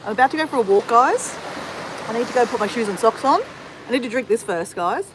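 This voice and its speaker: A woman's voice: a little high, animated, fast, noisy background. A woman from Australia with an Australian accent, chatting casually with viewers on a livestream, greeting them and answering their comments. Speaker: livestream host. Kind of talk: casual live chat with viewers. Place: outdoors in the sun.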